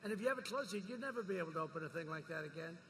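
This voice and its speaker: A man's voice: fairly high pitch, lively intonation, racing, sharp tone, a little hiss or hum. A man giving a campaign rally speech, boastful and repetitive, rousing the crowd. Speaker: politician speaking at a campaign rally.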